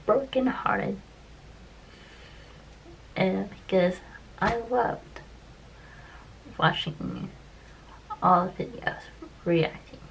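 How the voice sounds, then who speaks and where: Tearful, halting woman vlogger, gravelly voice. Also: fairly low pitch, slight background noise, poor audio. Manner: halting and repetitive, slipping into soft whispers. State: upset, close to tears. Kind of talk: casual opinion vlog.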